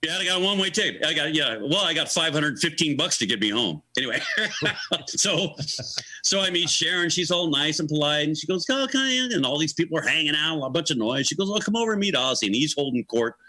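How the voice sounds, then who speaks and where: A middle-aged or older man, a guest musician, tells a story in an interview, his bright, very animated voice leaping up and down as he acts out the characters. He chuckles along, on the high side and fairly quick. The sound is dry, close-miked, echo-free, and low in quality.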